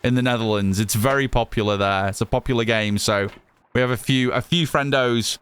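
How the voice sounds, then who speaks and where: Streaming a game live, an Englishman from Cheshire in the Northwest talks casually with his chat, frequently saying things twice. He speaks a little fast at medium pitch, with a fairly bright, clean tone.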